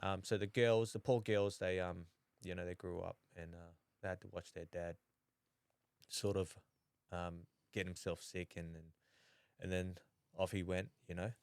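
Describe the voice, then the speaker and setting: Hesitant Australian man, smooth low voice. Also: level tone, no echo. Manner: halting, many restarts and fillers. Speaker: podcast guest. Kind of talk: casual chat.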